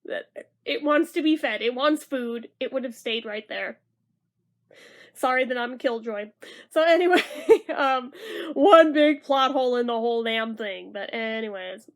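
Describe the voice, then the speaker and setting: High-voiced chatty woman reviewing a film. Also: measured pace. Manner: chatty, sarcastic, swears, mock-dramatic outbursts. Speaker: movie reviewer. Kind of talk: casual movie review.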